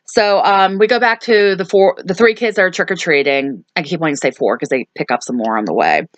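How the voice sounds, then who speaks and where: A woman with a low-pitched voice talks through a film's plot in a loose, chatty way, full of "um" and "like". Her voice sounds dry and close, with no room around it. She hosts a movie review channel. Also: expressive, a little fast, dry recording. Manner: chatty, lots of fillers and asides. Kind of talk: casual movie recap.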